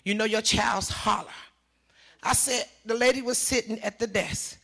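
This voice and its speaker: An older woman gives personal testimony with a high, piercing voice. She speaks emphatically and circles back over the same words. Her voice often climbs into shouting. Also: fairly even intonation, moderate pace, vocal fry. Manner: emphatic, repetitive, voice rising to shouts. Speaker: mother giving testimony.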